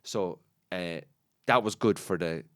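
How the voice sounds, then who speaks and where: A man's voice: low-pitched, unhurried. An Irish man, a comedian and radio presenter, telling profane anecdotes in casual podcast chat, with many restarts.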